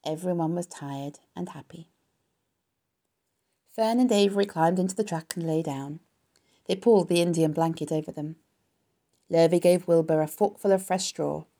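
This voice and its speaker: A woman reading a children's storybook aloud in a steady, even narration. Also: fairly low pitch, moderate pace, long pauses.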